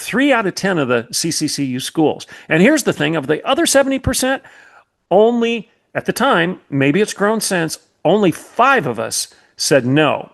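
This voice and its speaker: Vocal fry colors this man's mid-range voice. The podcast host, a middle-aged former college president, launches into passionate commentary, repeating himself emphatically in the cadence of a preacher.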